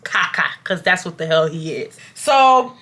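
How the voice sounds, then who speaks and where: Bright-voiced, chatty young woman storyteller. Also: lowish voice, measured pace. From Houston, Texas. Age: 20s. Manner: chatty, animated, profane, addresses viewers as y'all. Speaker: vlogger telling a story. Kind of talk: casual storytime.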